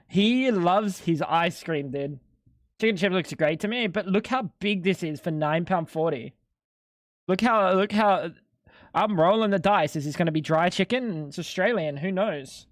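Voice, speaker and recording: A man's voice: fairly high pitch, dry recording, studio quality. A young man streaming live, chatting casually with his viewers in a laid-back, slangy way with some swearing.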